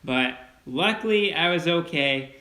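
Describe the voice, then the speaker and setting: A young man hosting a casual farm livestream, upbeat and quick as he thanks donors by name. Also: on the high side, animated, bright, forceful tone. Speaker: channel host reading donations. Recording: roomy echo.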